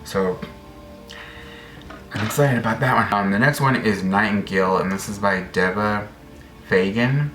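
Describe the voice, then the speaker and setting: Man, low voice, rambling excited book chat, echoey room. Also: unhurried, long pauses, soft background music. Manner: rambling, full of "like" and "um", excited restarts. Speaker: book vlogger. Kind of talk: casual book chat to camera. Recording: echoey room, faint background noise.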